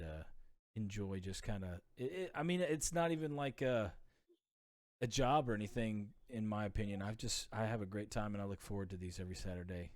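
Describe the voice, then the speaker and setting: A man's voice: fairly low pitch, a little mellow, no echo, clean studio sound. A man hosting a casual parenting podcast, laid-back and openly emotional, greeting his chat by name. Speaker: podcast host.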